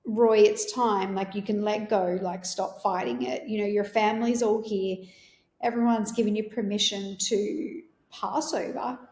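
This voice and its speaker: A calm, reassuring nurse, as a woman recounts her. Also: medium pitch, unhurried, close to an everyday voice. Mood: soothing. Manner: soft, reassuring. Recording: roomy echo.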